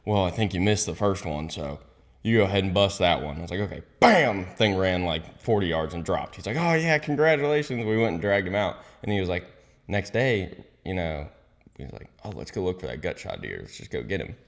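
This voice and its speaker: Low-voiced young man telling a story. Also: brisk, in a large hall. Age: young adult. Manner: animated storyteller, swears freely, mutters asides in a whisper. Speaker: guest. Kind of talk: casual storytelling.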